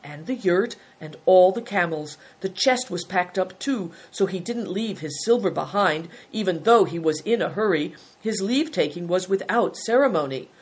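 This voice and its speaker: Woman putting on a calm formal servant man, sly and wordy, husky storybook voice. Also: medium pitch, normal speed.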